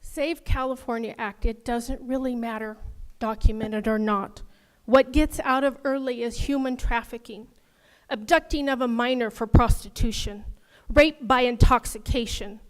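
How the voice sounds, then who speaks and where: A woman with a high voice speaks out with fiery passion at a city council podium. She drives her points home again and again, her voice rising as she presses on. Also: normal speed, fairly bright tone, smooth. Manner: heated, passionate, repetitive. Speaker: public commenter. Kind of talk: public comment at a council meeting.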